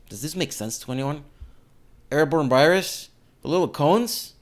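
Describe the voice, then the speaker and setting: A man talks over video clips in a casual, indignant way. His pitch moves a lot, rising and falling as he reacts. His voice sits a little high for a man. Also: animated, measured pace, pauses often. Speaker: commentator.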